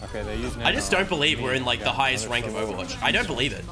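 A young man giving joking, excitable gameplay commentary with sudden shouts. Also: mid-range voice, very fast, crowd noise. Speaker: gaming streamer. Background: background music.

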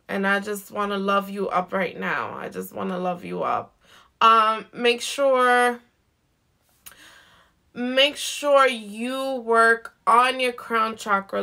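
A woman giving a live zodiac card reading in a gentle, reassuring way, repeating herself and often checking in with "okay?". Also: medium pitch, slow pace, gravelly. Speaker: intuitive card reader.

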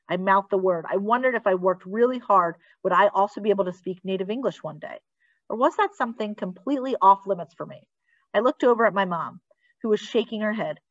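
A woman's voice: medium pitch, no room sound. Woman reading a children's book aloud. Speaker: library read-aloud reader. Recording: dry, dull lo-fi recording.

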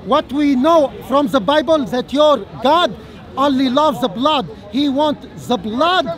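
A man arguing in an open-air religious debate in a park, halting with many fillers and restarts and firing repeated rhetorical questions. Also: very high-pitched, a bit bright. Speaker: street debater. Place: outdoor public speaking corner in a park. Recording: faint crowd chatter outdoors.

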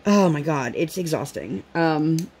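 Woman in her thirties, chatty vlogger, lowish voice, rambling anecdotes full of "um" and "like". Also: lively intonation, a little slow, a little mellow, slightly rough. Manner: chatty storytelling, many fillers, acts out quotes in a higher voice. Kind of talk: casual chat while crafting.

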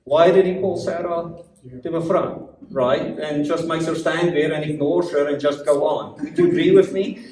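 A man from Africa with an African accent, teaching a church Bible study in a lively, joking way full of rhetorical questions. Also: a little high, moderate pace. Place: church meeting room. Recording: echoey room, voice from far off.

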